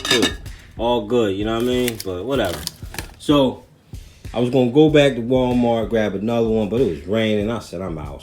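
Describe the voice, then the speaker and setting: A man's voice: fairly low pitch, noisy background. A man casually talking viewers through his RC car parts in a home kitchen, loose and slangy. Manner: loose, slangy, chatty, addresses viewers as people. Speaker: RC hobby vlogger. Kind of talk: casual how-to vlog.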